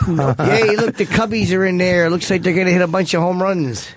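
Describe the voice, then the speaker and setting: A man doing a loud, exaggerated mock Chicago accent as a goofy sports fan. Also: high voice, moderate pace, noisy background, natural voice.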